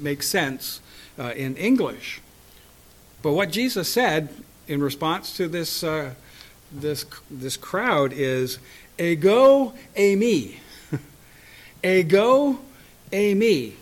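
A man teaching a Bible study, chuckling often and reading scripture aloud with emphasis. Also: fairly high pitch.

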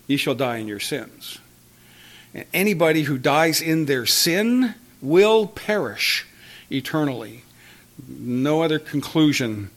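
A man delivers an unhurried, conversational sermon. His voice sits a little higher than most men's, and he talks slowly, with soft chuckles and thinking pauses. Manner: conversational teaching with chuckles and fillers. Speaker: preacher.

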